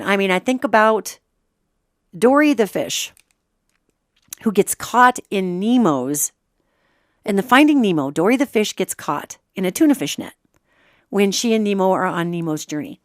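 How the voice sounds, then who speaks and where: A woman's voice: medium pitch, lively intonation, a little slow, long pauses, no echo, clean studio sound. A middle-aged woman hosting a solo spiritual commentary podcast, talking to listeners in an impassioned, conversational way. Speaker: host.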